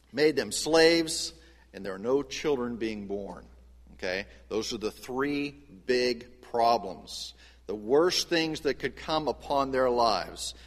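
A man preaching a sermon as pastor, animated, his voice swinging from soft and low to loud and high. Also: big-room sound. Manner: animated preaching with wide swings of pitch and loudness.

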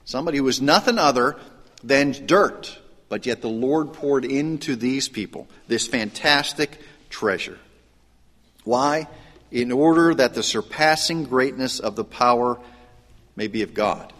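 A man preaching a sermon. He swings between raised, emphatic lines and hushed, dropped asides. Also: medium pitch, measured pace, long reverb tail. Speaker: pastor.

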